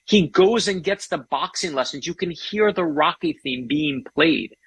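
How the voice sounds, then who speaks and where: A man's voice: on the high side, animated, unhurried, fairly bright tone, breathy edge, dry recording. A middle-aged man, an author being interviewed, talking with eager enthusiasm and jumping in over the host. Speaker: author guest. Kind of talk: casual interview chat.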